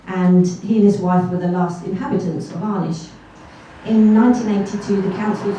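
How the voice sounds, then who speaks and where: A woman's voice: fairly low pitch, warm tone, slight background noise. Chatty woman telling a story. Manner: self-deprecating and chatty, with asides. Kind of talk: live storytelling on stage. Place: live event hall. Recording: echoey hall from far off.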